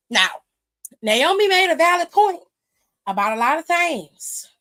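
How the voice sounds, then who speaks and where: A woman host giving a sassy, gossipy recap of a wrestling show in casual chat, retelling it with lively energy. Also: extremely high pitch, a little slow, pauses often. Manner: sassy, gossipy, exclaims "child" often; animated retelling with lively quoted voices. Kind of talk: casual chatty commentary.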